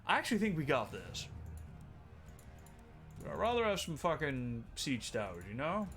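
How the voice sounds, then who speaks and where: Excitable man casually narrating his gameplay. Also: a little high, moderate pace. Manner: excitable, swears freely, thinks aloud. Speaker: gaming streamer. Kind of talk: casual let's-play commentary.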